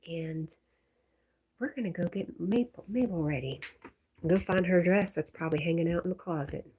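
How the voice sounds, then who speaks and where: On her laid-back livestream, a Connecticut woman speaks with a fairly low, warm, slightly rough voice. She laughs frequently while chatting and reading out viewer comments.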